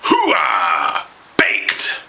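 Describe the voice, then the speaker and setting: A man voicing a crude, flirtatious aging male movie star in a comedic impression, gravelly, lurching between whispers and shouted outbursts. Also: mid-range voice, huge pitch swings, unhurried, exaggerated voice, rough recording. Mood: brash.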